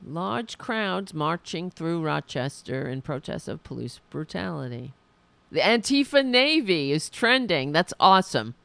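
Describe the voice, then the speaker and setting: A woman's voice: sits low, big pitch swings, measured pace, gravelly, a bit bright, dry recording. A woman podcast host giving sarcastic, mocking live political commentary and reading viewer comments aloud.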